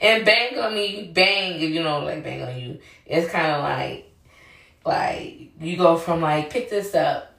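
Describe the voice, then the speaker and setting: A woman in her thirties with a low, creaky, slightly bright voice speaks unhurriedly as she hosts a podcast from a room at home. Her candid chat is full of slang, swearing and frequent laughter, and she sits off mic in a roomy echo.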